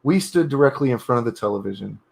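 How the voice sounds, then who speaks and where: A man reads through his own dark horror draft on a writing stream, in halting bursts with frequent self-corrections. He stops to rephrase lines and mutter small remarks about the text. His voice sits at a middle pitch. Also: lively intonation, vocal fry. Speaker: writer streaming his editing.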